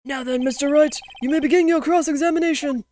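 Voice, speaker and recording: Woman voicing an old courtroom judge, high-pitched, formal and slow-spoken. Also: steady tone, a little mellow, lightly acted. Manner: formal, ponderous. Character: fussy elderly male judge.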